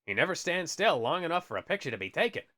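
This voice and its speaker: A man's voice: fairly high pitch, sing-song, fast talker, bright, forceful tone. A man doing a stern police chief dad. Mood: mock-stern. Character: small-town police chief father, middle-aged, stern.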